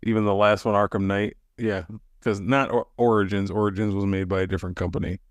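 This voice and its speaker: A man co-hosting a podcast, chatting casually and relaxed, often hedging with fillers. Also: fairly low pitch, fast, no room sound. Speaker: podcast co-host. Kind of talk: casual chat.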